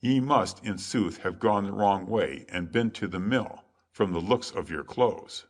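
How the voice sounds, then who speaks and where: A man's voice: fairly low pitch, unhurried. A man voicing a bold, cheerful outlaw leader who teases his men in archaic speech, for a storybook. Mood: teasing.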